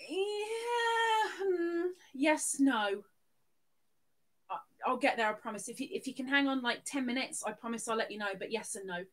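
A woman's voice: on the high side, fairly bright tone. A woman hosting a casual live stream, chatting and greeting viewers by name. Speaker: livestream host.

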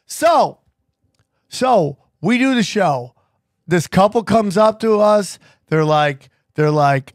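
Man, podcast host, high voice, animated storytelling, dry close sound. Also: slow pace, dry recording. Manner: animated storyteller, restarts often. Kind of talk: casual storytelling chat.

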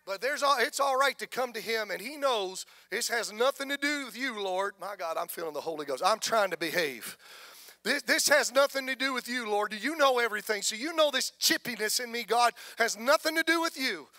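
A man with a Southern US accent preaching a sermon as pastor, impassioned, swinging from soft talk to shouting. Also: extremely high pitch, lively intonation, fairly quick, no room sound, studio quality.

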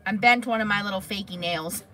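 A woman's voice: mid-range voice, sharp tone, a little hiss or hum. A woman hosting a crafting livestream, chatting casually and answering viewers' comments by name.

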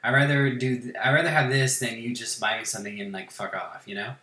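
A man's voice: medium pitch, fairly even intonation, fast talker, bright, forceful tone, reverberant. A man hosting a gaming channel, chatting casually while he plays. He rambles and swears a lot, and he mocks himself. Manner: rambling, profane, self-mocking. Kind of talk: casual chat while playing a game.

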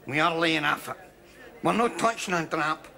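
An actor playing a gloomy, gullible drinking pal with a gravelly voice in a sitcom. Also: male voice, fairly high pitch, normal speed, pushed and bright.

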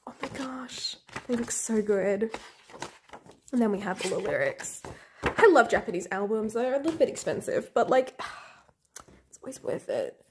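A young woman vlogger unboxing albums in a room at home, gasping and gushing, often dropping to breathy half-whispered squeals. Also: a little high, sing-song, unhurried, long pauses, a little hiss or hum. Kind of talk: excited unboxing chat.

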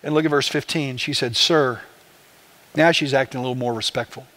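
A man's voice: mid-range voice, fairly even intonation, quick pace, fairly bright tone. A man, a pastor, preaching a conversational sermon with rhetorical questions to the congregation.

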